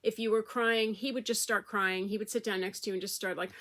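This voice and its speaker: A middle-aged woman speaks with a bright, clear tone. She talks casually and warmly to her viewers, rambling with fillers and restarts as she tells a story. Her pitch sits in an ordinary middle range for a woman. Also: steady tone, brisk. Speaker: vlogger.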